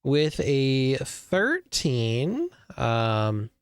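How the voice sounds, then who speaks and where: A man runs a tabletop game over an online voice call, slowly laying out each room with plenty of "uh"s in between. His voice is mid-pitched and drawn out, and the sound is dry and close with no room around it. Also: wildly swooping pitch, smooth, no echo. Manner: unhurried, describing scenes with many fillers. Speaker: game master.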